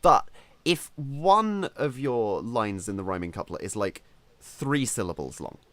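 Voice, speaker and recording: A man's voice: on the low side, sing-song, measured pace, fairly bright tone, no room sound. A man co-hosting a casual podcast about writing, giving firm opinions and explaining with emphasis. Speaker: podcast co-host.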